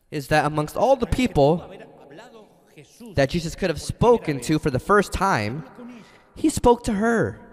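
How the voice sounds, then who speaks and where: A man preaching a sermon in a large hall, telling stories dramatically and swinging between loud and hushed. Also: sits high. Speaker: pastor. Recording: long hall reverb.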